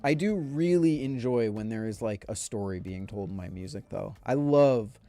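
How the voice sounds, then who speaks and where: A man's voice: fairly low pitch, expressive, normal speed, over music. A man chatting casually on a live stream, rambling in a laid-back way and speaking straight to his viewers. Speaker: livestreamer.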